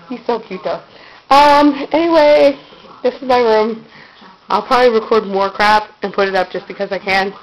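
A woman's voice: medium pitch, poor audio. A woman giving a rambling, giggly tour of her bedroom, recorded on a handheld camera's built-in mic. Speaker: vlogger giving a room tour. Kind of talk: casual handheld room-tour chat. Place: her own bedroom, indoors.

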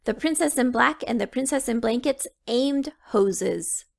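Woman reading a kids book aloud, slow, gravelly, swoopy pitch. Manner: expressive, slow storytelling. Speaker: children's book reader. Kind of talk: storybook read-aloud.

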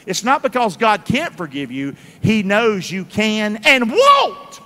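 Middle-aged pastor guy preaching slow, call and response, big echoey church. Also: sits high, huge pitch swings, sharp tone. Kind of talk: sermon. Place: large church sanctuary.

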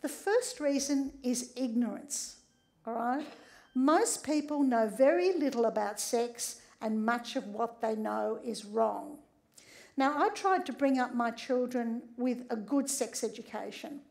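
A middle-aged woman, a sex therapist and doctor, gives a humorous public talk. She tells stories in a lively way and often checks in with "all right?". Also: on the high side, measured pace.

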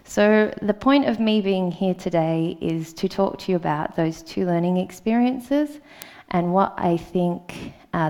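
A woman's voice: lowish voice, dark tone. A woman in her thirties with an Australian accent, giving a conference talk in a hesitant way with many ums. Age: 30s. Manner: hesitant, with frequent ums and uhs. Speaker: conference speaker. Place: conference hall.

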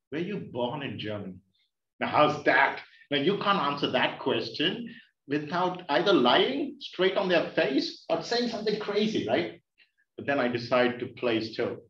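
A man's voice: mid-range voice, very animated, measured pace, fairly bright tone, highs cut off. Man from India, humorous speech, playful, teasing audience, roomy distant sound. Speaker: speaker giving a humorous speech.

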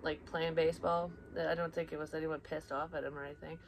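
A woman's voice: deep voice, level tone, fast talker, a little hiss or hum. A young woman talking casually as a psychic reader, blunt and rambling, swearing often and sometimes dropping to a whisper. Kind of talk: casual personal chat.

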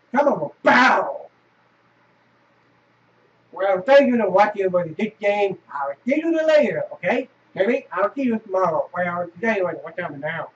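A man commentating his horror game playthrough, cursing and venting frustration at the game. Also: high-pitched. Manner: frustrated, swearing, shouting at the game. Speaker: gameplay video host. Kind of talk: casual let's play commentary. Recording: distant lo-fi mic.

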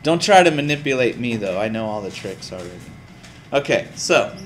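A man teaching a class in a lively, casual way, often putting questions to the students. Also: medium pitch, fairly quick, slight background noise. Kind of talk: classroom lecture.

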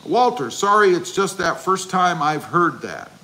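A man's voice: high voice, sing-song, measured pace, pushed and bright, slight background noise. A man hosting a casual livestream, reading viewer comments aloud and answering them with jokes. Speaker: livestream host.

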